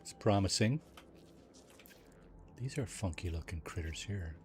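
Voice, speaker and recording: A man's voice: low-pitched, lively intonation, unhurried, a little hiss or hum. A man chatting casually while livestreaming a game, reading chat aloud and joking with his viewers. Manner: chatty, reads chat aloud, jokey asides. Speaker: streamer.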